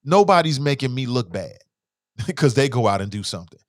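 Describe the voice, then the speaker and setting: A man's voice: mid-range voice, sing-song, moderate pace, no echo, clean studio sound. A man hosting a call-in talk show. He speaks in a loose, blunt way, using slang and swearing, and he reads listener messages aloud. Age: adult with children. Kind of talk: casual opinionated talk show commentary.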